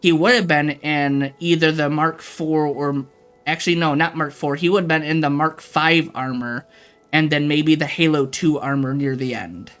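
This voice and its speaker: A man's voice: on the high side, steady tone, moderate pace, fairly bright tone, soft background music. A man livestreaming, ranting casually and profanely to his chat.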